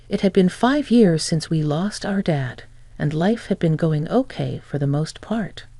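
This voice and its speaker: Gravelly-voiced woman narrating a story. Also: fairly low pitch, dark tone, no echo. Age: 20s.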